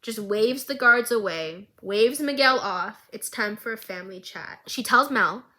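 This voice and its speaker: A woman with a bright, forceful voice recaps an animated series. She tells it dramatically and stays animated throughout, in a casual vlog. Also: fairly high pitch, a little slow. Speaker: recap vlogger.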